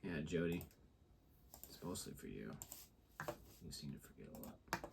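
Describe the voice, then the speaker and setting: A man's voice: a bass voice, expressive, measured pace, gravelly, slight background noise. A man co-hosting a reaction video, chatting casually with dry, teasing remarks. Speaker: reaction channel co-host. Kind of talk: casual chat.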